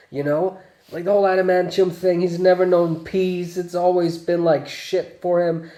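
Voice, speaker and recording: Give me a man with a relaxed, mellow voice reviewing a film casually, chuckling as he goes, in a room with some echo. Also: sits high, moderate pace. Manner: chatty, laughs often, swears freely. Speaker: movie reviewer.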